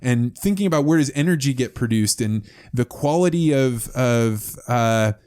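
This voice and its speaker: A man hosting a podcast interview, telling stories in an animated, conversational way. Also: medium pitch, moderate pace, clear, resonant tone. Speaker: podcast host.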